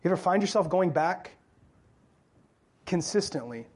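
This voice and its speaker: A man's voice: high voice, animated, normal speed, darkish tone. A male pastor preaching a sermon in church in a loose, joking, conversational way, often asking the crowd questions.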